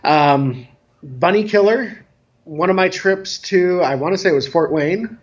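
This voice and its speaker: A man guest telling a casual story about himself in a relaxed, self-mocking way, over a remote call. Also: high-pitched, a little slow, muffled recording. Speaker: guest, dance DJ.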